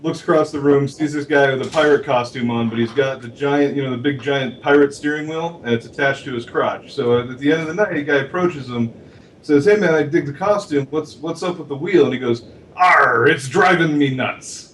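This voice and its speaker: A man's voice: medium pitch, fairly quick. Tired man telling bad jokes, mic far off. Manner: playful, giggles at own jokes. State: tired from little sleep. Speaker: livestream co-host telling jokes. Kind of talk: casual joking chat. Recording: distant mic with faint noise.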